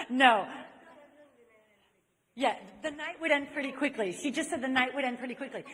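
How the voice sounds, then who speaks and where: A woman from Saint Louis is speaking to a live audience in a large convention hall, and the long reverb of the room trails after her words. Her voice sits slightly high. She is an animated storyteller who turns to her listeners directly as she makes her point. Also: fast talker. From Saint Louis, USA. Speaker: speaker on chastity. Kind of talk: inspirational talk to a live audience.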